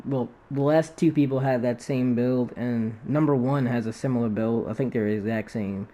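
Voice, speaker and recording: A man's voice: medium pitch, normal speed, mellow. A young man talking casually to camera, ranking football players with lots of fillers and restarts. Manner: rambling, self-correcting, filler-heavy. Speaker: sports video creator. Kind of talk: casual football draft breakdown.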